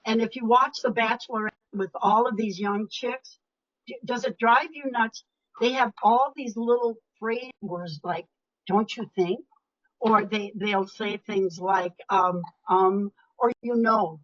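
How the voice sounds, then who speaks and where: An older woman giving a webinar talk as a motivational speaker, emphatic and chatty. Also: medium pitch. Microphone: video call. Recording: lo-fi video call audio.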